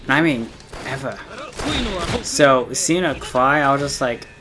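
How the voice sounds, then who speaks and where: A man's voice: medium pitch, unhurried, over music. Rambling young man telling a story. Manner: rambling, heavy on fillers and swearing. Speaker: gaming streamer. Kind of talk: casual storytelling while playing a game.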